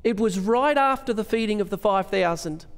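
A man's voice: high-pitched, normal speed, clear, resonant tone, long reverb tail. A male pastor with an Australian accent preaching a sermon, asking earnest questions and reading scripture aloud. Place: church hall.

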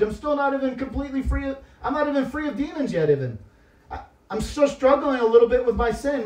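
High-voiced preacher in an echoey church. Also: male voice. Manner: swings between soft, tearful-toned confession and loud emphatic exhortation. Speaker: guest preacher. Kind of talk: sermon. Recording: echoey church hall, distant mic.

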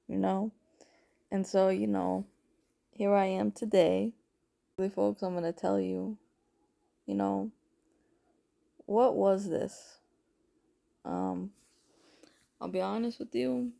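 Speaking slowly with long pauses, a woman tells viewers her spiritual story in a testimony vlog, addressing them as "folks" and "honey." Her medium-pitched voice is warm, steady, and creaky, and her telling is rambling and emotional.

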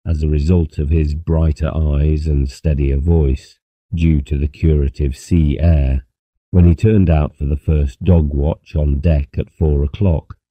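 Very deep-voiced male audiobook narrator. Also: mellow, no echo. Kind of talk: scripted narration.

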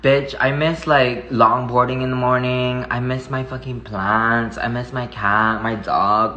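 A man from Hawaii rants and gushes into a phone held at arm's length, his voice sitting at an ordinary middle pitch. He is sassy and theatrical, swearing freely in a casual story-vlog way. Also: fairly even intonation, unhurried, hardly any pauses, sharp tone, rough recording. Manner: sassy, profane, dramatic. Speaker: social media personality.

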